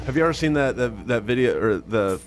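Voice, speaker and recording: A man in casual gaming banter, animated when telling stories and stammering as he goes. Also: medium pitch, brisk, noisy background. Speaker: gaming group member.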